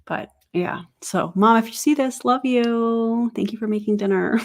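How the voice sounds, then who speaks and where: A woman hosting a reaction commentary, talking back to clips with sarcastic asides and quick laughs. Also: a little high. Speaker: commentary host. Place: home, family heard in the background.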